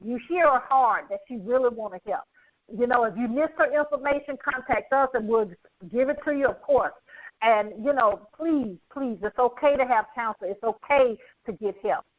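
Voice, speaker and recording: A woman's voice: fairly high pitch, normal speed, dry recording. A woman hosting her podcast. She talks with emphasis and emotion, repeats herself, and laughs often. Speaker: podcast host. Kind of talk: casual show sign-off. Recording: tinny phone-like line.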